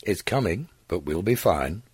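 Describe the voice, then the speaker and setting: A man's voice: low voice, animated, normal speed, darkish tone, slightly rough, no echo, studio quality, exaggerated voice. A man voicing a light, teasing younger man in an audiobook story. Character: younger man, easygoing joking brother.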